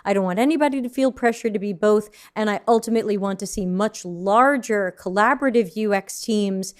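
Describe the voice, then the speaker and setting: A woman's voice: mid-range voice, fairly quick. Brief: woman co-host, from New York, outspoken and passionate, casual panel talk, swears freely. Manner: blunt, fiery, swears freely. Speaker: UX consultant, co-host.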